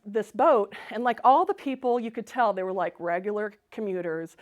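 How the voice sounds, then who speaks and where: A woman giving a Sunday talk at a spiritual center, telling personal stories in a bubbly way and laughing often. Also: medium pitch. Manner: bubbly, laughs often, acts out her own excited quotes. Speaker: guest speaker at a spiritual center.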